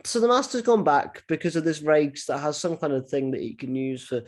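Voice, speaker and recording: A man hosting a casual podcast chat, excitable, stumbling over restarts and swearing freely. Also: a little high, fairly quick. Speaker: podcast host.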